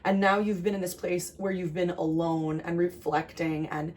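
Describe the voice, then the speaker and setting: A woman's voice: on the low side, little pitch movement, normal speed, a little mellow. A young adult woman from New Jersey giving a channeled tarot reading, earnest and rambling, with many fillers and restarts. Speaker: tarot reader.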